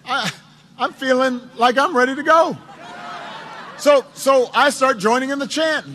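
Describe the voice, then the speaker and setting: A man with a markedly high-pitched voice tells a long anecdote to a room of supporters. He often repeats his words as he goes, and he keeps his speech light with dry, humorous asides. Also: unhurried, pushed and bright, a little hiss or hum. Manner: storytelling with many self-repetitions and wry asides. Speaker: politician addressing supporters. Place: indoors at a campaign office.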